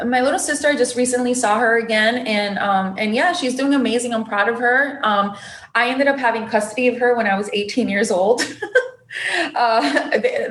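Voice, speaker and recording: An emotional, animated young woman tells her life story as a podcast guest. Her voice sits fairly high. The recording has a noticeably roomy, echoey sound. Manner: emotional, animated storyteller who acts out quotes. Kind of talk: personal storytelling in an interview.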